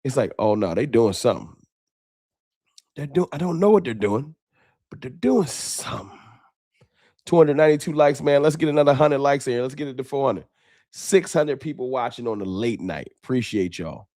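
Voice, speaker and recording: A man's voice: mid-range voice, moderate pace, no room sound. Guy ranting on his late night fan stream, voice jumps all over, super dry mic. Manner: animated, off-the-cuff, emotional, slangy. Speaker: sports fan show host. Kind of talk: casual late-night livestream chat.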